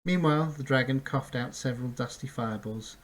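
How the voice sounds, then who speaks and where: A man's voice: mid-range voice, fairly quick, low-quality recording. A man narrating a fantasy story aloud, reading with small slips and restarts. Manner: reads with slips and restarts, occasional laughs. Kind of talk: amateur audiobook reading.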